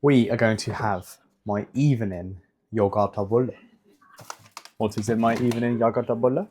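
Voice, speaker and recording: A man's voice: on the low side, fairly even intonation, moderate pace, a little mellow, slight background noise. A young man in casual vlog chat, rambling with many fillers and swearing, a fitness vlogger.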